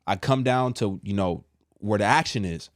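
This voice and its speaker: A man with a fairly low voice tells a personal story in an animated, slangy way, slipping into the voices of the people in it. The sound is dry and close, with no room echo. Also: normal speed. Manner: animated, acts out quotes with slang. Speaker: storyteller sharing a testimony.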